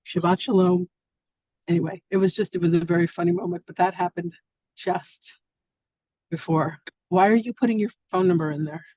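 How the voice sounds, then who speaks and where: A woman's voice: on the low side, steady tone, normal speed, darkish tone, no echo. Effusive spiritual teacher woman, dull lo-fi sound. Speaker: spiritual teacher hosting an online masterclass. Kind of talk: casual live-stream chat. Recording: dull lo-fi stream audio.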